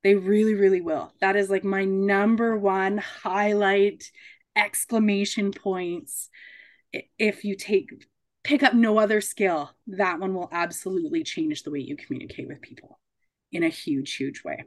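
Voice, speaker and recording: Woman, thirties, mediator, casual talk, expressive, acts out quotes, mid pitch. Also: measured pace. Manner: animated, acts out quoted voices, laughs often. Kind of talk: casual talk to a support group.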